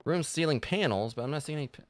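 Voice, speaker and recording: A man's voice: a little high, lively intonation, fast talker, no echo. A man streaming a video game and chatting casually about it, rambling with lots of filler words and restarts. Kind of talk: casual gameplay commentary.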